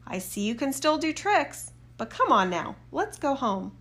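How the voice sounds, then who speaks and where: A woman's voice: high voice, very animated, a little slow, fairly bright tone, exaggerated voice. A woman voicing a cautious, timid young huntsman in a fairy tale reading. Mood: worried.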